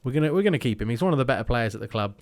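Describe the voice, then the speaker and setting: A gaming YouTuber plays a football video game and talks through it in a relaxed, chatty flow, thinking aloud and slipping into mock match commentary, with racing also involved. His pitch sits in an ordinary middle range.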